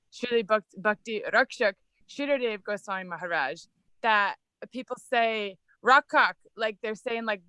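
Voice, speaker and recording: A woman's voice: medium pitch, dry recording, poor audio. An American woman asking a casual, chatty question during a group class call. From United States. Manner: chatty, slangy, animated.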